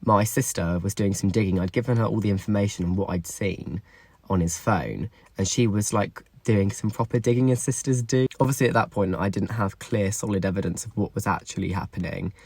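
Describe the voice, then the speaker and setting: A young man tells a painful personal story straight to camera, emotional and full of swearing. His voice is somewhat husky and sits a little low. The recording is close and dry. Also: a little fast, a little mellow, no echo. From England.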